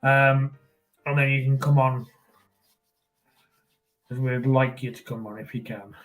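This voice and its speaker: A man's voice: mid-range voice, steady tone, unhurried. Chatty podcast host man. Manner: chatty, loose, organizing guests. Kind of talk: casual live-stream chat.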